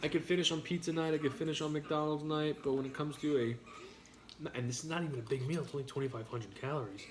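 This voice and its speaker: A man's voice: fairly high pitch, fairly even intonation, quick pace. A man chatting casually and crudely while eating on a food stream, teasing his partner. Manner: joking, crude, banters with partner. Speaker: mukbang streamer. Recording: echoey room.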